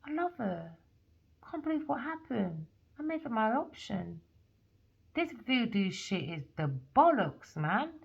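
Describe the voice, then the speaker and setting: A woman's voice: fairly high pitch, big pitch swings, measured pace, gravelly, husky, full character voice. A woman voicing a heartbroken, swearing man from a tarot card, who sounds distressed and calls the listener babe. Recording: dull lo-fi audio.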